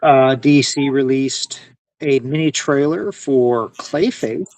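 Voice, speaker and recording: A man's voice: mid-range voice, slow, darkish tone, no echo, poor audio. A man co-hosting a casual comic podcast, hesitant, often giving short agreeing replies. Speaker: podcast co-host. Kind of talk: casual chat.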